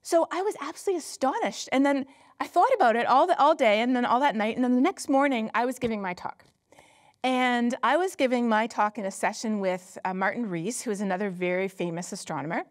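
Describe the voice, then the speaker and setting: A woman's voice: a little high, a little fast. A woman climate scientist giving a public lecture, telling stories with emphatic rhetorical questions and frequent laughter. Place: lecture hall at a company headquarters.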